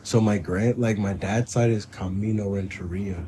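A man's voice: on the low side, fairly even intonation, moderate pace, background noise. A young man co-hosting a podcast in casual chat, joking, swearing freely and laughing often. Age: young adult. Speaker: podcast co-host.

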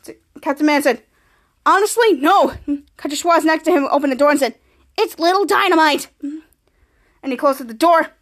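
A woman hosting a podcast, excitedly retelling a TV episode scene by scene and quoting the characters' lines. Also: high voice, normal speed, pauses often. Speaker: podcast host. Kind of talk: casual episode recap.

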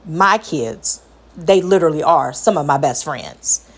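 A middle-aged woman with a high voice, talking earnestly about parenting and repeating phrases for emphasis. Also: lively intonation, a little slow, husky. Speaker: parent sharing advice. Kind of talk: personal talk to camera.

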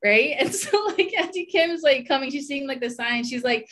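A woman's voice: high voice, animated, moderate pace, fairly bright tone. A woman chatting casually on a podcast, telling a personal story with lots of fillers and frequent laughter.

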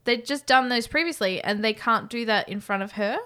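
A woman, co-hosting a casual chat and recapping a film scene by scene, animated and swearing freely. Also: on the high side, a little fast, clean tone. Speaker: podcast co-host.

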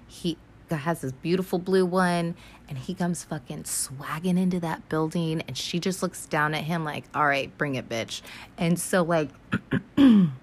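Young woman with a low-ish voice, casual and sweary, for a fan recap vlog. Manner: chatty, profane, animated retelling. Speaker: vlogger recapping an animated film.

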